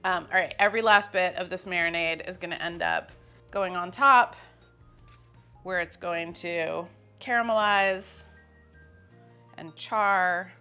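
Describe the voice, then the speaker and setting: A woman's voice: on the low side, measured pace, pauses often, sharp tone, clean tone, faint music behind. A woman hosting a cooking show, talking casually and poking fun at herself while she cooks in a kitchen. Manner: chatty and self-mocking, with frequent laughs.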